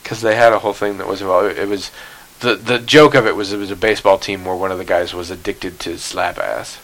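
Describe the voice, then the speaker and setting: A man's voice: sits low, fairly even intonation, brisk, fairly bright tone, poor audio. A man hosting a casual podcast, rambling and sarcastic, swearing freely and laughing at his own jokes. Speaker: podcast host.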